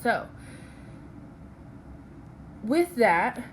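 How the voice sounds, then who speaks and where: A woman's voice: on the high side, sing-song, very slow, slight background noise. A woman teaching a phonics lesson from slides. She is patient and checks in with "okay?" after each step.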